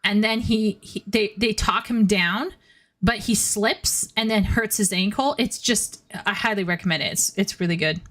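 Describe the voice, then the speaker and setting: A woman's voice: medium pitch, normal speed, fairly bright tone. A woman gaming and chatting casually, rambling along with plenty of fillers. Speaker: gamer reading game dialogue aloud. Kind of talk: casual let's-play chat.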